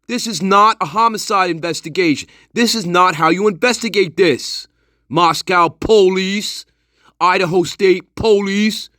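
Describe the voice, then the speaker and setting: A man's voice: high-pitched, pushed and bright, dry recording, studio quality. A man giving profane, sarcastic commentary on a case, swearing and laughing as he talks. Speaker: true-crime commentator.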